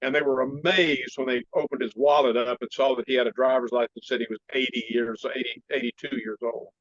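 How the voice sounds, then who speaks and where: A man's voice: mid-range voice, steady tone, fast, fairly bright tone, lo-fi sound. A man being interviewed as a martial arts teacher, telling anecdotes about an old friend. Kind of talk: storytelling in an interview.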